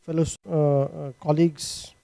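A man, a former student, opening a formal tribute speech at an event in a hesitant, self-deprecating way, halting with fillers. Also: fairly high pitch, level tone, gravelly, mellow. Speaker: former student, alumnus speaker. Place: honoring event at an institute.

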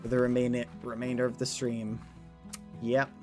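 A man's voice: mid-range voice, monotone, normal speed. A man livestreaming a game, chatting with his viewers in a playful, teasing way, with game music behind him. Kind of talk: casual game stream chat.

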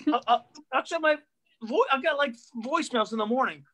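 A male stand-up comedian telling animated stories on a video call, repeating himself and acting out voices. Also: very high voice, a little fast. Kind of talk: comedic storytelling on a live online show.

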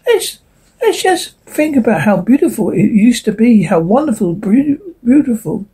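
A woman voicing a gentle, reassuring male autumn leaf in a storybook reading. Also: on the high side, sing-song, moderate pace, husky, pitched above the performer's own voice, exaggerated voice. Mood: tender. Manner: tender, soothing.

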